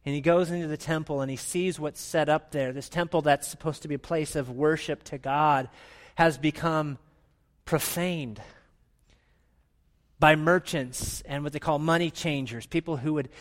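A male pastor delivering a lively sermon from the front of a church. His voice sits a little high for a man, and he keeps it playful and animated, calling on people in the pews to join in. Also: normal speed. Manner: animated, playful, with audience participation.

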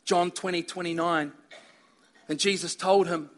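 A man's voice: high-pitched, unhurried, fairly bright tone. A man preaching a sermon in an earnest manner, rising to emphatic stress on key points. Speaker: pastor.

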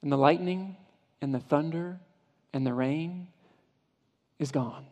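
A male pastor giving a sermon, vividly retelling a story in the second person and often dropping to a hushed voice. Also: a little high, slow. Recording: long hall reverb.

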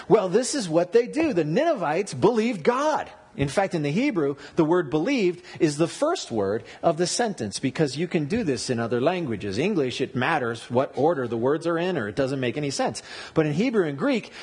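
A man preaching a sermon, explaining word meanings and telling stories in an animated way. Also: on the high side, breathy edge. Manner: animated storytelling with wordplay and asides. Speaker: pastor.

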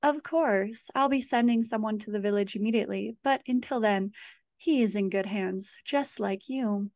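A woman voicing an uncanny nun whose shivery voice carries a calm, quiet amusement in a horror storybook reading. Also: mid-range voice, normal speed, no echo, clean studio sound, lightly acted. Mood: amused.

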